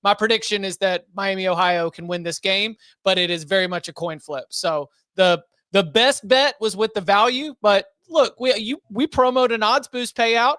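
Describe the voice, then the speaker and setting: Man, high voice, dry sound, animated, restarts a lot. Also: normal speed, few pauses, clear, resonant tone, dry recording. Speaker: college football betting analyst. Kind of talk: casual sports betting chat.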